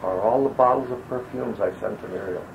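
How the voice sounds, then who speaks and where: Gravelly and on the low side, the older man speaks fairly quickly as he rambles through war stories during an oral-history interview. An army veteran, he digresses freely and imitates the voices of those he quotes. The sound is lo-fi old tape with faint hiss from a home audio recorder.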